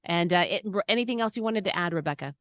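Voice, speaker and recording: A woman's voice: lowish voice, animated, quick pace, fairly bright tone, dry recording, clean studio sound. A woman hosting an online mentoring interview, asking questions and wrapping up the session in a polished, friendly way. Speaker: host.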